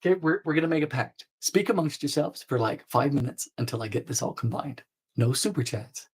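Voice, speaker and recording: Man, baking live-stream host, husky voice, chatty and playful, loose rambling delivery. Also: mid-range voice, animated, brisk, darkish tone, low-quality recording. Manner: chatty and playful, trailing off and restarting mid-sentence. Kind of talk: live-stream baking chat, reading viewer comments.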